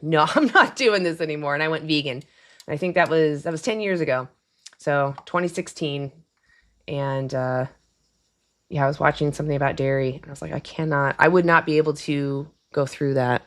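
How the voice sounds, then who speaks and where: A woman's voice: low-pitched, fairly quick. Chatty woman hosting a livestream. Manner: chatty, laughs often, answers commenters. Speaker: livestream host. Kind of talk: casual live-stream chat.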